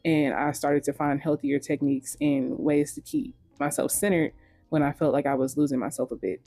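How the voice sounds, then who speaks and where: A woman talks through a scripted video commentary, frank and unfiltered, with casual swearing. Her tone is mellow, and the recording is close and dry. Faint music plays underneath. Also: deep voice, fairly even intonation, moderate pace, no room sound.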